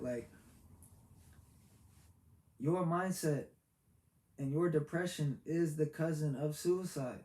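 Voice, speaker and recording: A man's voice: a little high, warm tone. Earnest man preaching in an echoey room. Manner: heartfelt, repetitive, preachy, with halting restarts. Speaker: motivational vlogger. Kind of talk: earnest motivational monologue. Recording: echoey room with faint background hiss.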